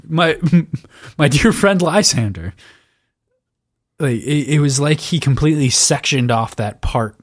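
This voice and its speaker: Slow-talking man, wry and rambling. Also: medium pitch, no room sound, studio quality. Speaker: podcast co-host. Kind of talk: casual book discussion.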